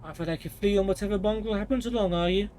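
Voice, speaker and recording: A man's voice: high voice, fast, warm tone, a little hiss or hum, lightly acted, rough recording. A man voicing a scheming, ambitious queen mother who speaks in a cool, condescending way. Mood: cold. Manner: cool, cutting, politely condescending.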